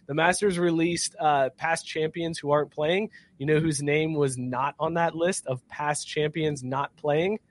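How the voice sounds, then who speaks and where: Man, podcast host, fairly high voice, joking and loud, casual sports talk. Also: fairly even intonation, measured pace, hardly any pauses. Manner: loud, joking, often laughing. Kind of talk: casual sports betting chat.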